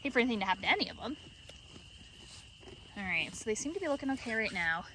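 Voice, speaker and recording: A woman's voice: fairly high pitch, very animated, quick pace, bright, forceful tone, a little hiss or hum. A woman vlogging at night in her sheep pen, chatting to the camera and cooing fondly at her animals. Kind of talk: casual vlog narration.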